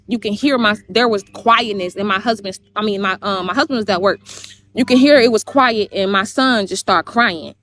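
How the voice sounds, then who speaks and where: A woman's voice: a little high, a bit bright, slight background noise. Rambling, cursing woman livestreaming. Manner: rambling, profane, repeats herself. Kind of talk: heated livestream monologue.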